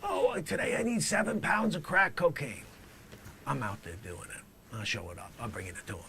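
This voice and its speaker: A man voicing a brash, tough-talking middle-aged male drug dealer who swaggers and boasts, swinging from loud claims to low mutters in a comedy sketch. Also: wildly swooping pitch, moderate pace, creaky, slight background noise, exaggerated voice. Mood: swaggering.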